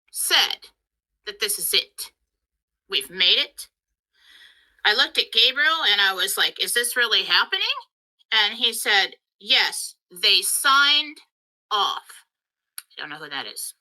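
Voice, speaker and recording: A woman hosting her spiritual channel, telling a story in a casual monologue, excitable and emotional, rushing along. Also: on the high side, poor audio.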